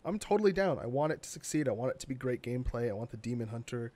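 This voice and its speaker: A man's voice: mid-range voice, lively intonation, racing, warm tone. A young man co-hosting a casual gaming podcast, blunt and sarcastic, swearing freely. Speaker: podcast co-host. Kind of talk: casual gaming news chat.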